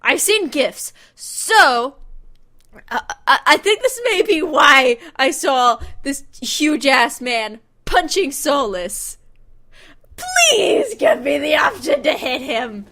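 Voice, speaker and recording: High, animated woman reacting to a game. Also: slow pace. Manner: expressive, exclaiming, swears freely. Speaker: game streamer. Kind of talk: casual let's-play commentary.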